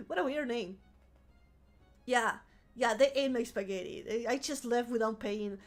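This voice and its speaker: A woman's voice: on the high side, unhurried, pauses often, darkish tone, faint music behind. A woman streamer telling a rambling story in casual live-stream chat, swearing freely and laughing often. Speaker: vtuber streamer.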